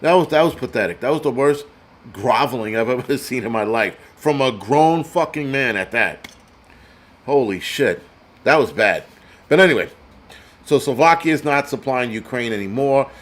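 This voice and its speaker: A man's voice: mid-range voice, animated, moderate pace, fairly bright tone. A man hosting a prepper show, ranting in crude, sarcastic live-stream commentary and reading out donor names. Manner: reads donor names aloud. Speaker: prepper channel host.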